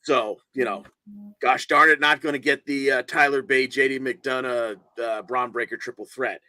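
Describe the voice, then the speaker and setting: Bright, dry-voiced man recapping matches. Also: medium pitch, normal speed, no echo. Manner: relaxed, rambling play-by-play with fillers. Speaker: podcast co-host. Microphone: video call.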